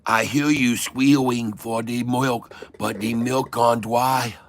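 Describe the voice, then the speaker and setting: A man doing a mocking put-on voice in clipped, broken English, drawn out slowly. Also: medium pitch, steady tone, a little hiss or hum. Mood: taunting. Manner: clipped broken grammar, slow drawn-out taunts.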